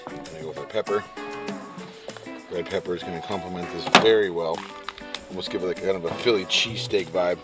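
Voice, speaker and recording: A man chatting casually as he cooks outdoors, explaining each step in a relaxed way. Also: low voice, a little fast, long pauses, distant mic, loud music behind the voice, poor audio. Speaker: outdoor cooking vlogger. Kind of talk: casual cooking narration. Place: outdoors at a campsite.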